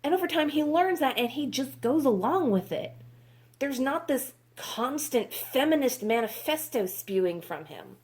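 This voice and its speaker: A woman's voice: high-pitched, very animated, moderate pace, darkish tone. A woman reviewing books in a casual vlog, exasperated, sarcastic and swearing freely. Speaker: book reviewer.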